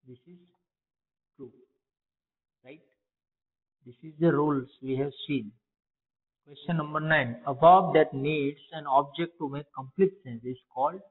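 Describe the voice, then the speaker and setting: Indian english guy teaching, goes over answers, repeats himself, sounds like on a phone in a big echoey room. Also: fairly high pitch. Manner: repetitive, asks and answers own questions. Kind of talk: explaining test answers to pupils. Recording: phone-like, long reverb.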